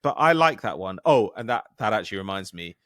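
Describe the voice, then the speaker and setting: An English man co-hosting a podcast in casual chat, wry and joking in a relaxed way. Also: lowish voice, fast, no echo, studio quality. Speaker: podcast co-host.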